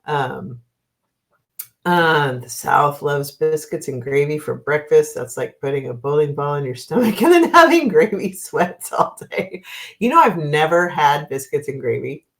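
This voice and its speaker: A middle-aged woman from Oregon hosts a casual livestream as a card reader. Her voice sits low, and she rambles along, breaking into laughter often. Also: expressive, unhurried, fairly bright tone. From Oregon, US West Coast. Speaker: tarot and dowsing reader, livestream host.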